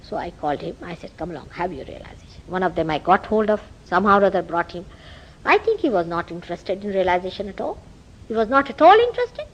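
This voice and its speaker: A woman's voice: medium pitch, fast talker, low-quality recording. A woman with an Indian accent giving a spiritual lecture, telling stories and acting out quoted dialogue. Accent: Indian English. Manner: animated storytelling, acts out quoted dialogue. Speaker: spiritual teacher.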